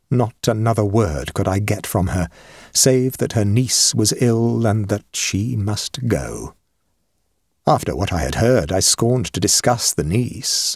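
A man reading a ghost story aloud, measured and expressive. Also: fairly low pitch, husky, no room sound, clean studio sound. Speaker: audiobook narrator. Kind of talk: scripted narration of a ghost story.

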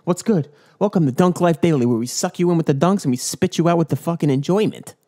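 A man's voice: on the high side, quick pace, mellow. A young man hosting his own dunk podcast, talking casually in a hyped, joking, swearing bro manner. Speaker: dunk vlogger and podcast host. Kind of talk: casual rambling podcast monologue.

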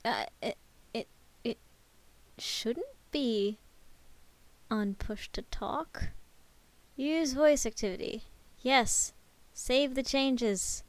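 A woman streaming live, chatting casually with her viewers and a friend, excitable and quick to laugh. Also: fairly high pitch. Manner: giggly, excitable, talks to chat.

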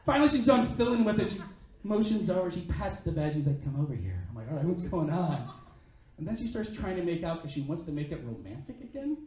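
A man's voice: high-pitched, big pitch swings, fast, a little mellow. A man performing stand-up comedy on a club stage, telling a crude story in a brash, punchy way. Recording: echoey club heard from a distance. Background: audience laughter.

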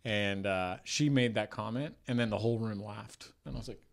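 A man's voice: lowish voice, moderate pace, gravelly. A young man co-hosting a podcast, telling a comic story in casual chat and laughing often as he acts out the people in it. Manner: animated, laughs often, acts out voices in anecdotes. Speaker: podcast co-host.

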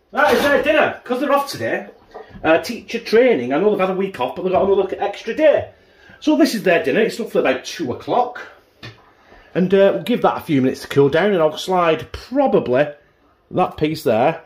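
Northern english bloke reviewing pizza at home, mouth full, swears a lot, voice jumps around. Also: male voice, high voice. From northern England. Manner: chatty, swears freely, talks with mouth full. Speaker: food review vlogger. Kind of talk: casual food review vlog.

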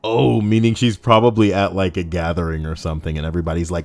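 A man's voice: low-pitched, fast talker, hardly any pauses, darkish tone, dry recording. A young man casually reading out forum posts, rambling and sarcastic, with frequent swearing. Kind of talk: casual reaction commentary.

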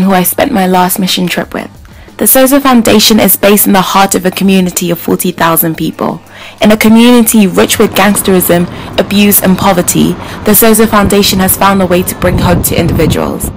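A young woman reading a scripted voice-over in a steady, informative way. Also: mid-range voice, low-quality recording. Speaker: volunteer narrating her plans.

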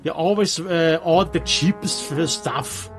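A man with a Swiss German accent, a native Swiss German speaker, giving halting gameplay commentary in English with many restarts. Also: a little high, faint music behind. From Switzerland. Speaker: let's player.

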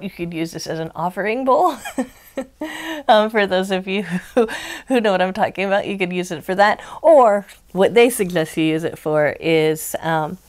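A chatty woman hosts a casual crafting unboxing vlog, her voice sitting a little low. She rambles along with plenty of ums and laughs easily as she talks. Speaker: crochet channel host.

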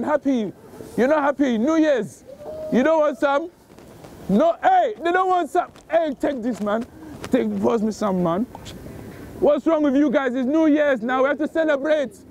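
A young man with a London accent, hosting a street prank video, loud and pushy with slang-heavy party hype, recorded outdoors on a city street. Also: extremely high pitch. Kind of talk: hyped street prank banter. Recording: dull lo-fi street recording, faint traffic.

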